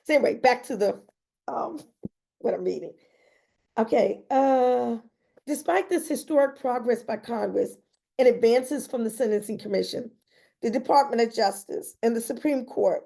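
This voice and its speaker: A woman's voice: fairly high pitch, moderate pace, vocal fry, warm tone. A woman reading aloud from her own memoir in an earnest, emotional way, breaking off now and then to add personal comments. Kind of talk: reading aloud with spontaneous asides.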